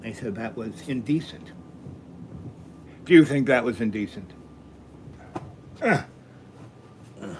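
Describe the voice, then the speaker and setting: An older man from New York City hosting a live stream, telling rambling stories and often clearing his throat. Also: mid-range voice, lively intonation, slow pace, long pauses, a little hiss or hum. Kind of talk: rambling storytelling.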